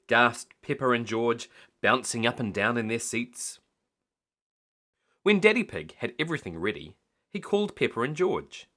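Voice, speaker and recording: A man reading a bedtime story aloud in an expressive, animated way. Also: medium pitch, moderate pace. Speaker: storyteller dad.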